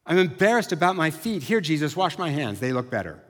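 Preacher doing an embarrassed apostle, sheepish, pleading, big echoey hall. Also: male voice, on the high side, big pitch swings, a little fast. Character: embarrassed apostle hiding his dirty feet. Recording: long hall reverb.

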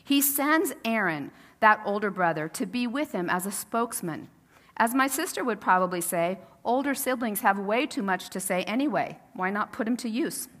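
A woman's voice: mid-range voice, lively intonation, moderate pace, a bit bright. A woman pastor preaching a sermon in a casual, storytelling way, acting out the quotes. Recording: long reverb of a church sanctuary.

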